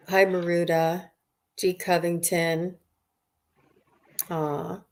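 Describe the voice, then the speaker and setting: A woman hosts a live stream of psychic readings, speaking over a video call. Her voice sits at an ordinary pitch, and she chats easily, calling out hello to viewers one after another. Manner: chatty, greets viewers by name. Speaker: psychic medium host. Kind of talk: live-stream question session.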